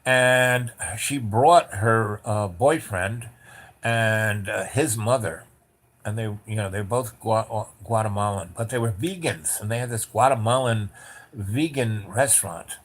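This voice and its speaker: A man's voice: fairly low pitch, a little slow. A man hosting a podcast, telling a story in a casual, rambling way with restarts, asides and blunt swearing. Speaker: podcast host.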